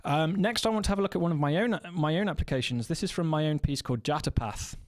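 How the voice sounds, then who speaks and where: A man's voice: a little high, no room sound. Methodical man explaining drum technique. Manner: measured, methodical, counts beats aloud. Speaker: percussion teacher. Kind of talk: instructional explanation.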